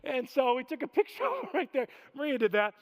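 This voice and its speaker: A man in his thirties preaching a sermon, telling stories in an animated, self-deprecating way with frequent laughter. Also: extremely high pitch, a little fast. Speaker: pastor. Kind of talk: storytelling sermon. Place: church sanctuary. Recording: reverberant church hall.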